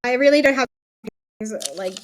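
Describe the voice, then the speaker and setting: A woman's voice: high voice, normal speed, a little hiss or hum. A young Australian woman chatting casually as she unboxes souvenirs, swearing offhand and trailing off mid-sentence. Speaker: streamer. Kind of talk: casual chat while unboxing.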